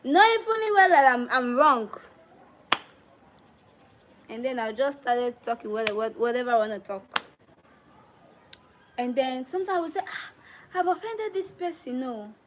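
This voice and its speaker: High-voiced Sierra Leonean woman chatting live. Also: lively intonation, normal speed, pauses often, noisy background. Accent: Sierra Leonean Krio-tinged English. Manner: chatty, addresses viewers directly, drops into Krio phrases. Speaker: livestream host. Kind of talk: casual livestream chat.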